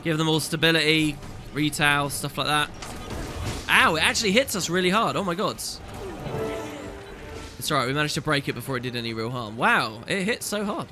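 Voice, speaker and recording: A man's voice: a little high, animated, fairly quick, pauses often, over music. A man hosting a let's play, commenting casually on a game with an amused, chatty manner. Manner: chatty, amused, reading dialogue aloud.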